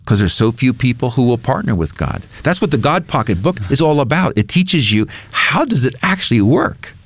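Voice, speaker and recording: A man being interviewed as a guest author, telling a story with lively, acted-out dialogue. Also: medium pitch, moderate pace, no echo. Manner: lively storyteller who acts out quoted dialogue.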